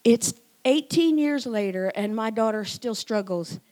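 A woman in her sixties preaching a sermon in church, moving from loud emphatic lines to hushed, whispered ones. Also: fairly high pitch, lively intonation, unhurried. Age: 60s.

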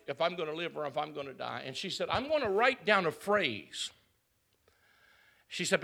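Male pastor preaching, middle-aged, high and gravelly voice, emotional and confessional. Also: sharp tone. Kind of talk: sermon.

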